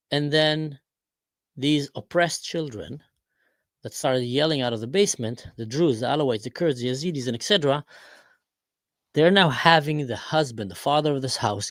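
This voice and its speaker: A man giving an opinionated vlog commentary, talking in an animated, emphatic way with storytelling. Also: mid-range voice, no room sound, clean studio sound.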